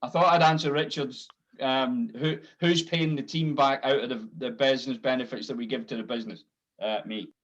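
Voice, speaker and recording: A man's voice: mid-range voice, fairly even intonation, brisk, a bit bright, muffled recording. A man on an online panel discussion, talking bluntly, swearing now and then and acting out quoted conversations. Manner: blunt, swears, acts out quoted exchanges with laughs. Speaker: panel participant.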